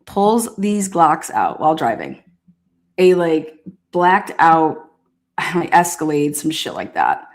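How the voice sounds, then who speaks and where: A woman casually telling a profane, animated story, often laughing and acting out what people said. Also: low-pitched, slow pace. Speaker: storyteller recounting past events. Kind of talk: casual anecdote.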